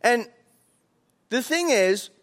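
High-voiced pastor telling a story. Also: male voice, slow. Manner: animated, acts out quotes. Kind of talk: sermon storytelling.

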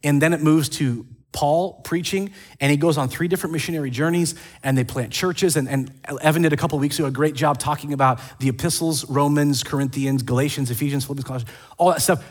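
Male pastor, slightly high voice, animated storyteller, casual sermon. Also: fast. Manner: animated storytelling with acted quotes and asides. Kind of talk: casual sermon retelling scripture.

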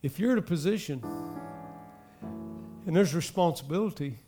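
A man preaching a sermon, speaking straight to the congregation with emphatic swells and soft drops. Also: a little high, lively intonation, moderate pace, faint music behind. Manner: addresses the congregation directly. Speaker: pastor.

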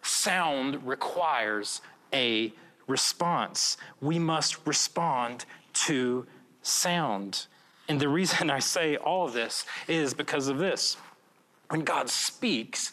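A man's voice: medium pitch, lively intonation, slow, pushed and bright. Earnest man preaching in a reverberant hall. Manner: earnest, conversational preaching with frequent "right?" asides. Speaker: pastor. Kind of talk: filmed video sermon.

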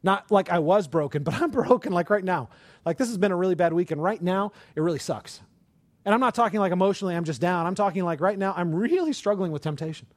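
Man, sermon, high voice, dry close sound, conversational, rhetorical questions. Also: lively intonation, fast, no echo. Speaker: preacher.

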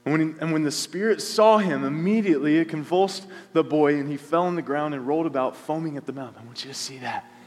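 High-voiced preacher in an echoey hall. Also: male voice, quick pace. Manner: emphatic, repeats phrases, swings between loud and soft. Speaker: pastor. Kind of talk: sermon.

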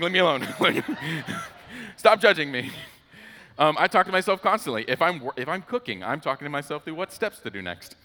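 A man's voice: mid-range voice, sharp tone, in a large hall. A man hosting a casual Christian talk, chatty and full of fillers. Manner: chatty, with many "like" fillers and laughs.

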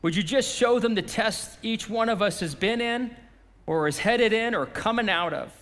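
Pastor guy preaching hard then praying quiet, high voice, big echoey church hall. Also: moderate pace. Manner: impassioned, shouting repeated phrases, then dropping to a quiet prayer. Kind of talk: sermon.

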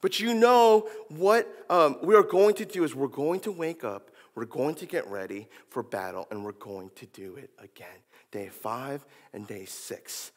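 A man preaching a sermon, animated, acting out biblical characters with casual slang. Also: medium pitch, a little slow, hardly any pauses, in a large hall.

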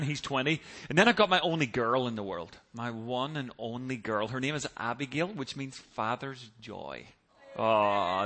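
Joking Irish pastor with a bright voice. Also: male voice, fairly high pitch, a little hiss or hum. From Ireland. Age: middle-aged. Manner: joking, lively, self-deprecating. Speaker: guest pastor. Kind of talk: sermon. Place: large church.

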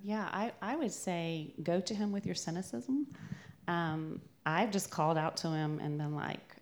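A woman's voice: lowish voice, moderate pace. A woman on a church panel answering candidly and frankly about prayer.

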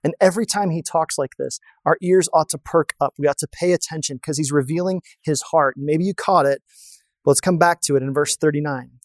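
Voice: medium pitch, a little fast, no echo. A pastor preaching a sermon in a conversational way, often asking the audience rhetorical questions.

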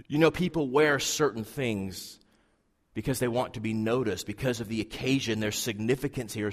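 A man preaching a sermon to a congregation, swinging from loud emphasis down to hushed, near-whispered lines. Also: on the high side. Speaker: pastor. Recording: long hall reverb.

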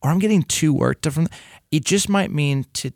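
Animated man talking in a dry room. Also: a little high, moderate pace, gravelly, dry recording. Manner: animated, repeats words while thinking aloud. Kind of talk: casual faith podcast chat.

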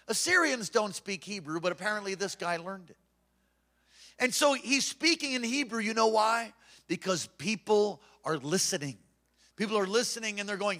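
A man's voice: high-pitched, expressive, normal speed, pushed and bright. A man preaching a fervent, emphatic sermon as pastor from a church stage.

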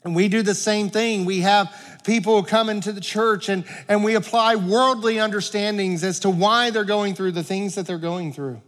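A man preaching a sermon as pastor, earnest, swelling louder and dropping to quiet emphasis, in a church sanctuary. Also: sits high, moderate pace. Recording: long reverb of a large hall.

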